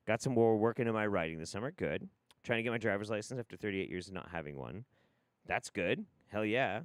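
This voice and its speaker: A man's voice: fairly low pitch, animated, fast, a bit bright, no room sound, studio quality. A man hosting a live stream, talking casually in a profane, exasperated, rambling way.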